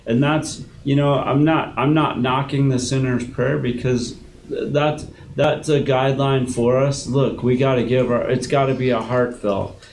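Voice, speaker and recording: A man's voice: medium pitch, fairly even intonation, a little slow. Earnest man at a Bible study. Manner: earnest, emphatic, repeats words as he builds a point. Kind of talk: casual group discussion. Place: room at a group Bible study. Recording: echoey room with loud background noise.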